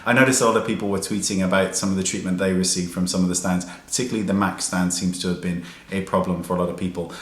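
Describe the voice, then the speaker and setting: A man's voice: low-pitched, fairly even intonation, quick pace, hardly any pauses. A man, a makeup artist, telling a chatty, indignant story to his viewers in a casual vlog. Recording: echoey room with faint hiss.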